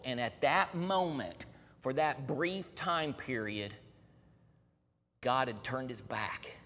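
Earnest preacher man in a reverberant hall. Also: mid-range voice. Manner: earnest preaching, swings from raised to hushed delivery. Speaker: pastor. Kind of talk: sermon. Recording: long reverb of a large hall.

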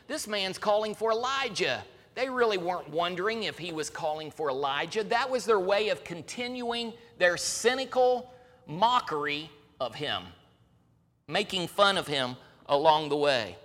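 A man preaching a sermon as a pastor, earnest, moving between raised emphasis and hushed, solemn passages. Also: high-pitched. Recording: long reverb of a large hall.

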